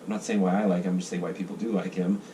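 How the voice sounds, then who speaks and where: Speaking very fast in a level tone, a deep-voiced American vlogger rambles casually while sketching out ideas. He swears and acts out the voices of groups, recorded on a distant mic with faint background noise.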